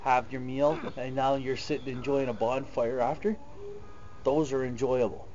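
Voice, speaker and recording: A man's voice: mid-range voice, steady tone, moderate pace, a little mellow. A middle-aged man chatting casually, rambling about fishing trips and evenings by the fire. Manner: rambling, storytelling. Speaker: host's father. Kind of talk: casual chat. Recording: dull lo-fi sound with faint background noise.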